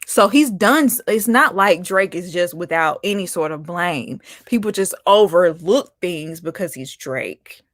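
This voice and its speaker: A woman hosting her own chat vlog, ranting casually in an animated, sassy way with lots of laughter. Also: on the low side, unhurried, few pauses, no room sound, clean studio sound. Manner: animated and sassy, laughing, calling out with "honey" and "baby". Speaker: vlogger host. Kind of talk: casual opinion rant.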